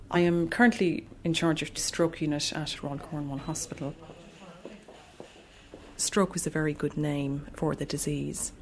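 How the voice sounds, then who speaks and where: A consultant physician speaks in a measured, explanatory way during an interview. Her voice is notably low for a woman, with a faint hum of noise behind her. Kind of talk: documentary interview.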